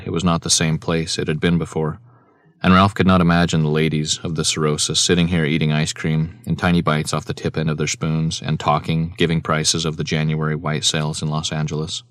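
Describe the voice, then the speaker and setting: A man narrating an audiobook in a measured, even reading voice on a close mic. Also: a bass voice, no room sound. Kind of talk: scripted narration.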